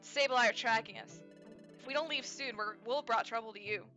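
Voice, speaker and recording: A woman's voice: a little high, a little fast, sharp tone, faint music behind. A woman voicing a determined male lizard adventurer in a video game, speaking earnestly and urgently.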